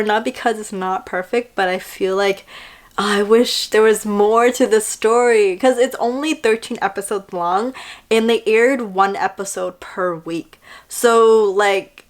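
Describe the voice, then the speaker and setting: A young woman talks casually and excitably into the camera, reviewing a drama she loves. She fills her speech with "like" and "um" and acts out quick bits of dialogue. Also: mid-range voice. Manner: chatty and excitable, heavy use of "like" and acted-out quotes. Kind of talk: casual vlog chat.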